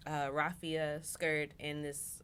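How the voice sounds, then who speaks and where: Woman, low voice, casual chat, lots of "like" and "um", faint rumble behind. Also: little pitch movement, slow pace, a bit bright. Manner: chatty, many fillers like "like" and "um". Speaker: makeup artist, podcast guest.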